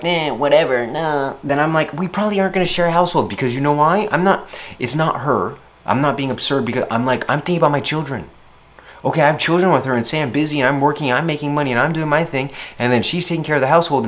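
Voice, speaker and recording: A man's voice: on the high side, quick pace. Man, reflective interview monologue, rambling and casual, voice lifts when he quotes himself.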